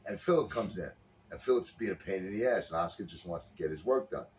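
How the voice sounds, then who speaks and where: Talking fast and with obvious relish, a podcast co-host with a low voice recounts a sitcom scene in a casual conversation. He performs each character's lines, recorded on a somewhat distant mic over faint background noise.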